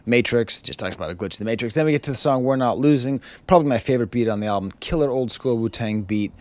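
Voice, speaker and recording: A man's voice: medium pitch, fast, dry recording. Man, music reviewer, wry, chuckling, casual album review, dry close sound. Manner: wry, chuckling, reads lyrics aloud. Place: home with his dog.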